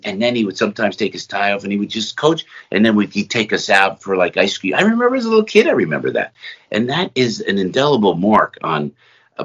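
A middle-aged man from New Jersey, a guest entertainer, telling rambling, animated anecdotes in conversation. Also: fairly low pitch, husky. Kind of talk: conversational storytelling. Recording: slightly dull lo-fi sound.

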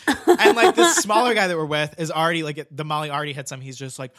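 A man's voice: fairly high pitch, very animated, quick pace, bright, forceful tone. A man telling a long story in casual chat, rambling with lots of "like" and swearing. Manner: rambling, heavy use of "like", swearing.

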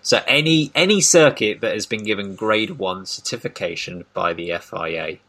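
A man's voice: fairly low pitch, normal speed, pushed and bright. A man hosting a casual podcast discussion, thoughtful and given to restarts. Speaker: podcast host.

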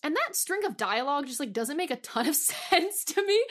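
A woman's voice: high voice, very animated. A woman co-hosting a casual book podcast, chatty and wry, with lots of "like" and "um". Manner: chatty and wry, many "like" and "um" fillers, quick laughs. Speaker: podcast co-host.

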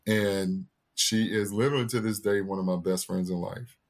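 Male podcast guest, thirties, low voice, earnest storyteller who acts out the people he quotes. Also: steady tone, measured pace. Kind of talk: personal storytelling in an interview.

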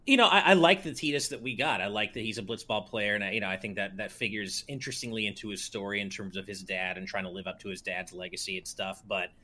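A man in casual podcast chat with a bright, forceful tone. He rambles, hedges and circles back on his points in a relaxed, fan-talk way. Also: fairly low pitch, fast talker, few pauses. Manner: rambling, hedging with fillers. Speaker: podcast co-host.

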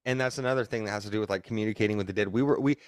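Here the young man's voice is lowish, smooth and rapid-fire, recorded close and dry with no room sound at all. As a guest on a casual podcast, he rambles, swears and stresses his points while retelling a story.

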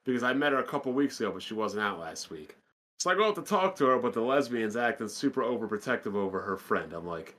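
A man's voice: medium pitch, lively intonation, fast talker, a bit bright. A man, co-hosting a casual podcast and telling a blunt, profane story. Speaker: podcast co-host.

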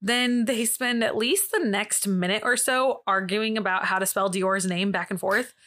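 A woman's voice: mid-range voice, fairly even intonation, moderate pace, fairly bright tone. A young woman hosting a podcast, retelling a true-crime case in a casual, chatty way, laughing often and swearing now and then. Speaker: podcast host.

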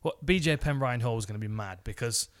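A man's voice: medium pitch, animated, a little fast. A man co-hosting a podcast, easygoing and agreeable in casual chat. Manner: easygoing, agreeable, laughs along. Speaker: podcast co-host.

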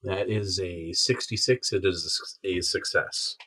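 A man's voice: low-pitched, slow, sharp tone, slightly rough. A man playing a tabletop game, hesitant and full of fillers as he thinks aloud. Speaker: player. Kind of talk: casual tabletop play.

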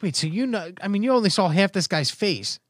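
High-voiced man hosting a comedy podcast. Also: animated, fairly quick, no echo. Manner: wry, reads news stories aloud with jokes. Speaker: podcast host. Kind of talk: casual comedy podcast chat.

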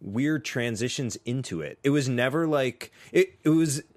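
A man's voice: medium pitch, animated, normal speed, a little mellow. A man co-hosting a podcast, bantering casually with dry, wry humor. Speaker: podcast co-host. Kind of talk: casual chat.

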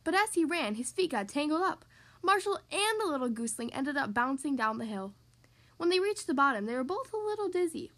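A woman hosting a podcast, reading a picture book aloud to young children in a bright, expressive storytelling manner. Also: high-pitched, fairly quick. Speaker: podcast host reading to kids.

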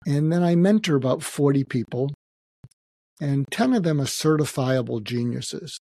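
An older man speaking as a psychiatrist guest in an interview, reflective and halting, with many restarts. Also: on the high side, expressive, creaky, warm tone, dry recording. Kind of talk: emotional personal interview talk.

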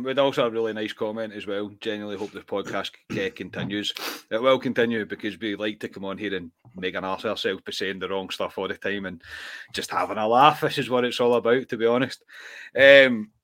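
A man's voice: fairly low pitch, steady tone, brisk, a bit bright. A Scottish man hosting a live podcast, chatty and teasing his co-hosts between bursts of laughter. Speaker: podcast host. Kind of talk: casual chat.

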